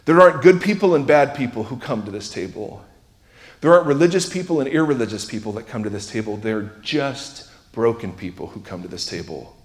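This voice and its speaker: A man preaching a sermon in a church, conversational and self-deprecating, moving between loud emphasis and hushed asides. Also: mid-range voice, animated, fairly quick, in a large hall. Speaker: pastor. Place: church sanctuary.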